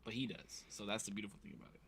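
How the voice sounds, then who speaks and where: A man's voice: on the low side, racing, a bit bright. A young man co-hosting a live podcast, bantering bluntly and swearing in casual chat. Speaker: podcast co-host.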